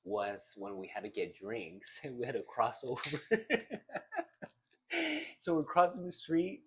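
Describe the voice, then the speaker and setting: A man's voice: mid-range voice, very animated, measured pace, a bit bright, a little hiss or hum. A young man co-hosting a casual podcast, rambling through a story and laughing often. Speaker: podcast co-host. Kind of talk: casual chat.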